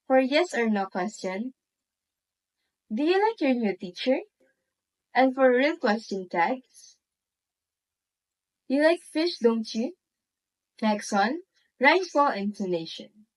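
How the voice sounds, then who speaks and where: A woman with a Filipino accent delivers a class presentation at an unhurried pace. Her voice sits in a middle pitch, and she reads each example out carefully and deliberately. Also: low-quality recording. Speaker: student presenter.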